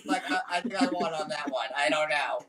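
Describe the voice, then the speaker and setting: Guy hosting a hangout chat, kinda high voice, keeps stumbling and laughing at himself. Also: a little fast, over a noisy crowd, rough recording. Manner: hesitant, restarting, self-mocking. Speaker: channel host. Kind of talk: casual group chat.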